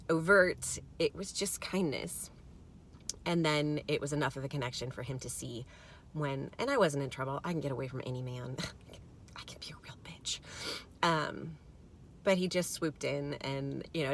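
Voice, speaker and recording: A middle-aged woman vlogging, telling a story in a gravelly, tired voice and mimicking the people she quotes. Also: rumbling low, a little hiss or hum. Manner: animated, mimics others in quotes. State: gravelly from little sleep. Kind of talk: casual storytelling to camera.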